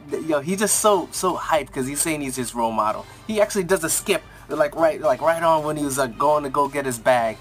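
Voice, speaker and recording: A man casually recapping and reviewing a TV episode, rambling in slang and acting out the characters' lines in quick voices. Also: on the high side, lively intonation, fairly bright tone, soft background music.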